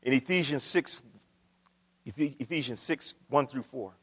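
A man from Ohio preaching a sermon, swinging between loud declarations and quiet asides as he addresses the congregation. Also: mid-range voice, unhurried, slightly rough, in a large hall. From Akron, Ohio. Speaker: pastor.

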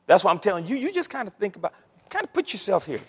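A male preacher delivers a sermon in a high, lively voice that swings widely in pitch. He talks straight to the congregation in a loose, conversational way. His voice rings out with a long echo through the church hall. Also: quick pace, slightly rough. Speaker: pastor.

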